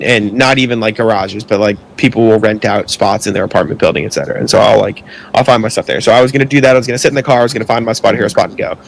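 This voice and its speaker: A young man co-hosting a podcast rambles through a long story in a casual way, leaning heavily on the filler "like" and swearing when annoyed. His voice is medium-pitched and gravelly, with a little hiss or hum.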